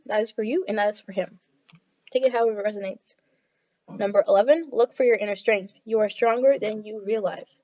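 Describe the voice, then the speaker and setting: Chatty woman giving a tarot reading. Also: fairly high pitch. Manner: chatty, reads card texts aloud, many fillers like "like". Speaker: tarot reader. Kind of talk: casual tarot reading to camera. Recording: dull lo-fi audio.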